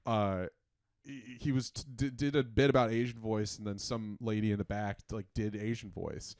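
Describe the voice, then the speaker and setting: A young man co-hosting a comedy podcast in casual chat, deadpan and halting, with many fillers. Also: on the low side, no echo, clean studio sound. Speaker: podcast co-host.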